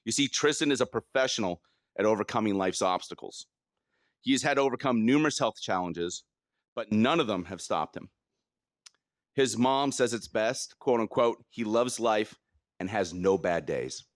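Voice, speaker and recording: Standing at an event podium, a school staff member presents a student award, his mid-range male voice moving at a normal speed. He reads from prepared notes in a heartfelt, earnest way. The recording is dry and of studio quality.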